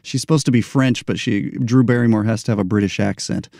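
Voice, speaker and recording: A man's voice: on the low side, fairly quick, creaky, a little mellow, dry recording, clean studio sound. Chatty man hosting a video-call interview. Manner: chatty, laughs often, digresses. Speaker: podcast host.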